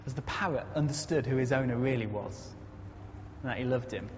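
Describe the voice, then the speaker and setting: A man's voice: mid-range voice, a little fast. A man preaching a conversational sermon in a church, earnest and storytelling, building to emphatic repetition. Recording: echoey muffled hall recording, faint noise.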